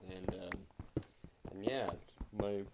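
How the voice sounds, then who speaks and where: A man's voice: deep voice, slow. A man chatting casually with his viewers during a livestream, rambling and self-deprecating, talking into a mic set close in front of him. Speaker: game streamer. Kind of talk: casual livestream chat while gaming. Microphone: new mic mounted close in front of him. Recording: loud background noise.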